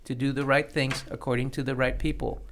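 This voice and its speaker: Gravelly-voiced man hosting a talk. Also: mid-range voice, level tone, a little fast, a bit bright. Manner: opinionated, talks in long explanatory runs with restarts. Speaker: podcast host. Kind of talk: casual studio conversation. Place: studio.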